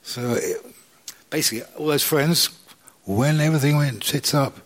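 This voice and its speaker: A man telling his own life story to an audience, animated and acting out the conversations he recalls. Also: a little high, moderate pace. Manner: animated storyteller, acts out dialogue. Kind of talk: personal testimony to an audience.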